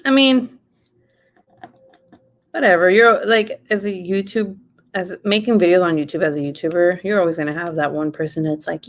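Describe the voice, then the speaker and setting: A woman's voice: on the low side, moderate pace. A young woman YouTuber chatting casually and rambling while she crafts, swearing freely. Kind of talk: casual late-night craft livestream chat.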